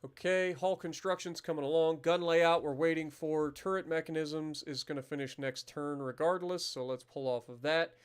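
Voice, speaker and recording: A man's voice: a little high, steady tone, moderate pace, few pauses, clean tone. A man in his thirties from Ohio, hosting a live gameplay stream with profane, joking tangents. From Ohio, USA. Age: 30s. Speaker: gaming livestream host. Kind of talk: casual live gameplay commentary.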